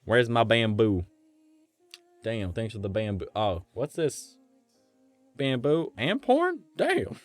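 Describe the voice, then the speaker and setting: A man voicing a dim-witted, lazy panda that is greedy for bamboo, in a slow, dopey drawl. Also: medium pitch, very animated, dry recording, soft background music.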